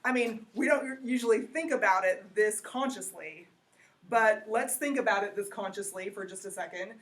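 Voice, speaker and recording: A woman's voice: medium pitch, normal speed. A woman giving a college geography lecture in a classroom, talking conversationally and asking the class questions.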